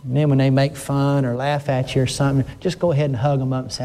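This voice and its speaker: An older pastor's sermon comes out fast and mellow with a flat delivery, yet it is emotional and earnest. His pitch rises when he is stirred, and he keeps breaking off to start sentences again.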